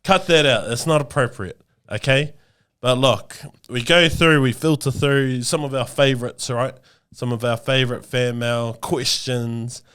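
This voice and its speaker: A man's voice: mid-range voice, measured pace, a bit bright, smooth. A man with a New Zealand accent co-hosting a comedic podcast, brash and laddish, tossing "mate" into nearly every phrase. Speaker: podcast co-host.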